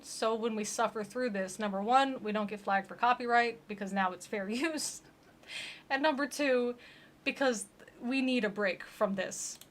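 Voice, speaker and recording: Young woman, sarcastic reaction commentary, slightly high voice, casual streamer. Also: a bit bright. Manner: sarcastic, mocking voices of people on screen.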